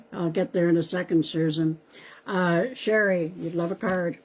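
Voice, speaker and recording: A woman's voice: on the low side, fairly even intonation, measured pace, slightly rough, rough recording. A woman psychic medium giving card readings to viewers on a live stream, chatty and calling out their names. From Canada. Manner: chatty, addresses viewers by name. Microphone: live-stream device mic.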